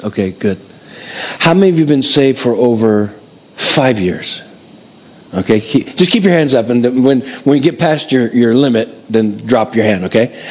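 A male pastor preaching a sermon in church. He is animated and emphatic, slows down to stress key points, and calls out numbers like an auctioneer. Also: mid-range voice. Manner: animated, counts up the years like an auctioneer.

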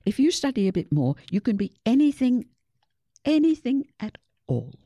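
A woman's voice: a little high, very animated, normal speed, mellow, no room sound, studio quality, pitched above the performer's own voice. A woman voicing a caring mother coaxing her daughter in a children's story. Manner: coaxing, persuasive.

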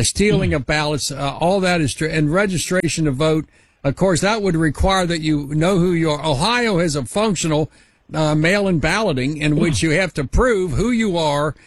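A man hosting a talk radio show, asking rambling, halting lead-in questions. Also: fairly high pitch, no echo.

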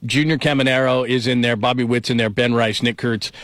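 A man hosting a casual sports talk show, running through lists of players in a relaxed way and ribbing his co-host. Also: medium pitch, a little fast, no room sound, clean studio sound.

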